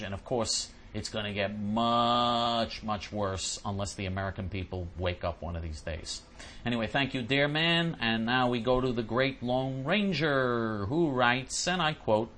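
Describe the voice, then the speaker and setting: A man's voice: medium pitch, fairly bright tone. A man hosting a show, ranting indignantly and stammering over repeated words while he answers listener questions. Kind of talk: ranting monologue.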